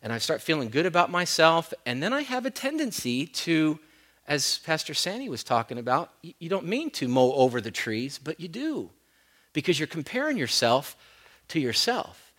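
Man, middle-aged pastor, sermon, emphatic then hushed, storytelling. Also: fairly high pitch, big pitch swings, normal speed. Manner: swings between loud emphatic preaching and hushed storytelling.

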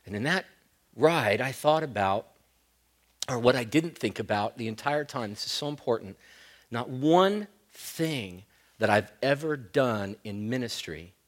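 A middle-aged pastor with a voice on the low side preaches a sermon, shifting between loud, emphatic points and quiet storytelling.

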